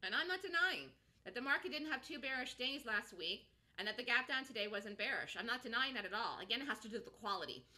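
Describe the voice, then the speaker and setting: Woman trader talking markets live, kinda high voice, rambles n repeats herself, reads chat. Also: big pitch swings, fast talker, few pauses, pushed and bright. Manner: reads and answers viewer chat. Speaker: stock trading show host.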